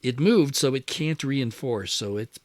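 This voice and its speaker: A man's voice: medium pitch, lively intonation, unhurried, no echo. A man hosting a strategy game play-through, musing aloud and talking to his units as he moves them. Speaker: wargame channel host.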